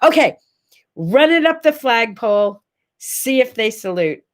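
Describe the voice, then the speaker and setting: A middle-aged woman with a fairly high voice hosts a relaxed morning chat show. She talks straight to her camera, gushing and rambling, and keeps slipping into little asides. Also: a little slow. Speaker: host. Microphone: talking to a camera.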